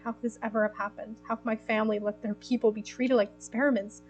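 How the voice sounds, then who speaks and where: A woman's voice: a little high, little pitch movement, fast, soft background music, rough recording. A young woman streaming a story game, reading it aloud and reacting emotionally with giggles. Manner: emotional, giggly, easily moved.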